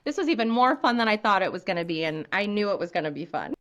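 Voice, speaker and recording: A woman's voice: mid-range voice, very animated, fast talker, fairly bright tone, faint music behind. An American woman author talking animatedly as a guest on a podcast, laughing often. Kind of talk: podcast interview.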